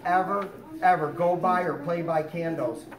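A man voicing a patient, loving mother who calmly explains safety rules to her little boy. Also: a little high, moderate pace, natural voice. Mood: instructive. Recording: roomy, distant, with children and noise.

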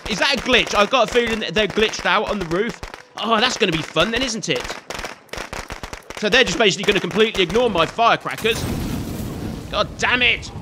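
A man's voice: high voice, background noise. A man giving chatty, jokey let's-play commentary and scolding the enemies on screen. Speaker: gaming video host.

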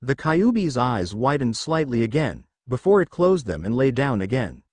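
A man narrating a fan fiction story in an animated reading voice. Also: mid-range voice, moderate pace, no echo. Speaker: fanfiction reader.

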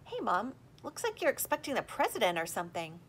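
An eager, cheeky nine-year-old boy, as a woman reader puts him on. His voice sits raised and bright above the narration, quick to joke. A storybook character read aloud. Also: a little high, huge pitch swings, slight background noise, pitched above the performer's own voice.

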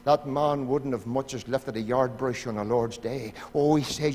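Fervent Northern Irish pastor preaching. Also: male voice, mid-range voice, normal speed, few pauses. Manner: fervent, pleading, swings from loud to hushed. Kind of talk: sermon. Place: church sanctuary. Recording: church hall reverb.

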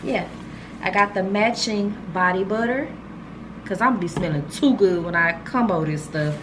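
A woman's voice: medium pitch, moderate pace, noisy background. A woman, chatting casually and gushing to viewers as she unboxes gifts for her vlog, filmed on a handheld camera. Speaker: vlogger.

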